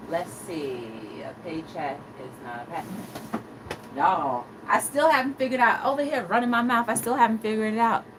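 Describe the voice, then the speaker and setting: A woman hosting a casual livestream talk show, chatting with viewers' comments and acting out quotes in animated stories. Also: medium pitch, moderate pace, noisy background. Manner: animated storyteller, acts out quotes, laughs often. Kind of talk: casual chat reading live comments.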